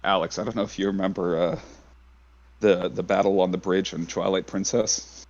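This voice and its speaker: A man's voice: deep voice, little pitch movement, normal speed, darkish tone, highs cut off. A man talking casually as a player in a tabletop game session, thinking aloud as he goes. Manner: chatty, thinking aloud with restarts. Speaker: player character.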